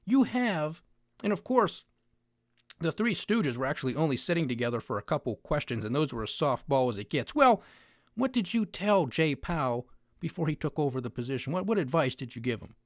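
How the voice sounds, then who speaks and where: A man's voice: sits high, no echo, studio quality. A man giving an opinionated monologue on finance news, sarcastic and mocking, with heavy emphasis.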